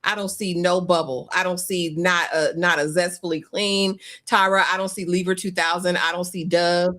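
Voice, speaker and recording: A woman's voice: fairly low pitch, flat delivery, normal speed, a bit bright. A woman co-hosting a casual TV recap chat, sassy and emphatic, piling up repeated complaints. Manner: sassy, emphatic, repetitive lists. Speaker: podcast co-host.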